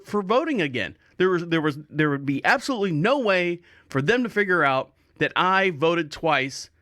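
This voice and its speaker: High-voiced rambling male podcast host. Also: a bit bright, no room sound, clean studio sound. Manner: rambling, jokey, self-mocking. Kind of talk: casual storytelling monologue.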